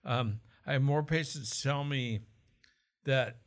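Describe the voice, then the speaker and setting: A man's voice: medium pitch, takes it slowly. A man from Oklahoma talking casually about health as a co-host, explaining with asides and jokes. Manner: chatty, explanatory, jokes and restarts.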